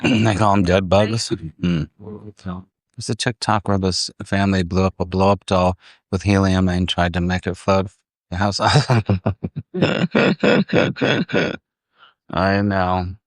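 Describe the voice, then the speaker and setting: A man's voice: low-pitched, fairly even intonation, slow, long pauses, no room sound. A man hosting a casual livestream outdoors in a park, rambling, easily distracted and laughing often. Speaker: livestream host. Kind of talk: casual chat. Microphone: phone.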